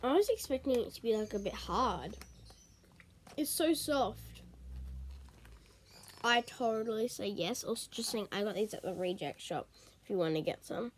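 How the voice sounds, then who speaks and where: A woman chatting excitedly in a casual snack taste-test vlog, full of ums and likes. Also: medium pitch, a little hiss or hum. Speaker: vlogger.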